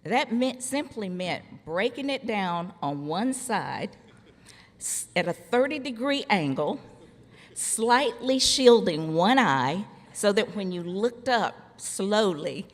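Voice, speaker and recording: A middle-aged woman delivers a ceremony speech at a podium, unhurried and deliberate, leaving pauses for the audience to laugh. Her voice sits at an ordinary pitch for a woman. It rings out with the long reverb of a large hall. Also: sing-song. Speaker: commencement speaker, former college faculty member. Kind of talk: formal ceremony speech with humorous storytelling.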